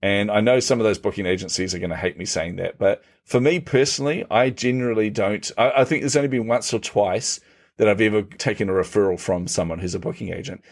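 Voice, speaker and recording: Animated storytelling man, lowish voice. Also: quick pace. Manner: animated, laughs often, acts out quotes. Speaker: podcast guest. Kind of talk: conversational storytelling.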